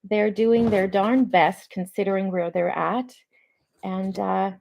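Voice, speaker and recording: A woman speaking in a personal video diary to her daughters, halting with many pauses and close to tears. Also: mid-range voice, little pitch movement, vocal fry, darkish tone, slight background noise. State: tearful, close to crying. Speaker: mother addressing her daughters.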